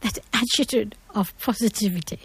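A woman's voice: medium pitch, normal speed, husky, no echo. A middle-aged woman from India, giving an earnest, emphatic talk on manners as a guest. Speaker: guest speaker.

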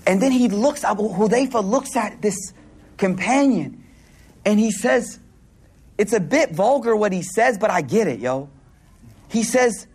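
A man giving a sermon to a live audience, telling stories in an animated way, laughing as he goes, and using casual slang with lots of repeated words. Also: high voice, measured pace, slightly rough. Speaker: Islamic speaker.

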